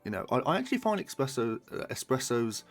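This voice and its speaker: A man's voice: medium pitch, very animated, quick pace, soft background music. A British man streaming a game, chatting casually, swearing and bantering with his chat. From Britain.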